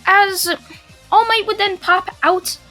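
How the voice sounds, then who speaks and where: A woman's voice: very high voice, steady tone, slow, pushed and bright, soft background music. A teenage girl telling a fan-made anime story, rambling casually with lots of fillers and chatty asides.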